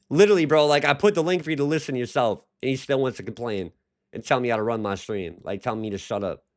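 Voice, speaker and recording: A man's voice: mid-range voice, fast. A young man hosting a livestream, talking casually and ranting at his chat with heavy profanity. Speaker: livestream host.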